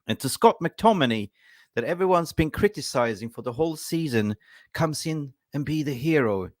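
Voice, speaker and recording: A man hosting a football fan channel, ranting with excited emotion. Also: a little high, normal speed, no room sound, clean studio sound.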